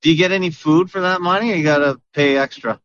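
A man's voice: on the high side, fast talker, fairly bright tone, a little hiss or hum. Chatty male podcast host, muffled audio. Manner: chatty, with many fillers and restarts. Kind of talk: casual chat.

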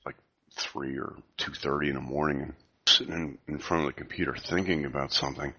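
A man in his fifties with a cold, talking softly and rambling with many fillers in a casual podcast chat over a video call. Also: very deep voice, fairly even intonation, a little fast, gravelly, slightly rough, dull audio. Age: 50s. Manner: speaking softly, half whispering. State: has a cold. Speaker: podcast co-host.

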